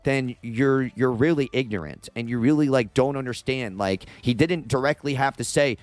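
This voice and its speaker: A man's voice: medium pitch, normal speed, few pauses, no echo. A young man giving casual, exasperated opinion commentary as a channel host, rambling and leaning hard on filler words. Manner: exasperated, rambling, heavy use of "like".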